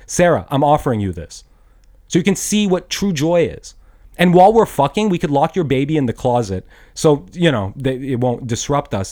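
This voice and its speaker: A man's voice: medium pitch, darkish tone. A young man ranting bluntly and profanely in a rambling monologue, restarting his sentences as he goes. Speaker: podcast host. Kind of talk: angry rant monologue.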